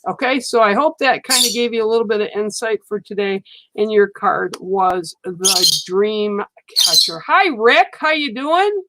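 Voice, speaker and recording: A woman giving a live card reading to viewers, speaking in a slow, soothing and reassuring way, often checking in with "okay?". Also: mid-range voice, steady tone, sharp tone, slight background noise, low-quality recording. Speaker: psychic card reader on a livestream. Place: studio.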